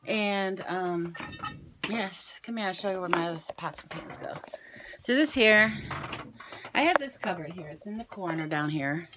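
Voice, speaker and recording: This vlogger, a middle-aged woman with a slight Southern accent, shows off her home kitchen on a handheld camera she moves while chatting casually and saying um often. Her voice sits on the low side, animated, at a normal pace, over a noisy background.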